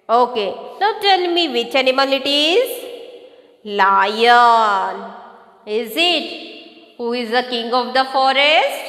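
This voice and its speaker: A high-voiced woman with an Indian English accent teaches young children at a very slow, patient pace. She keeps asking them questions and repeating her prompts. Her bright voice rings in an echoey room with a long reverb. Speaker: kindergarten teacher. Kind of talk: slow online class lesson for young children.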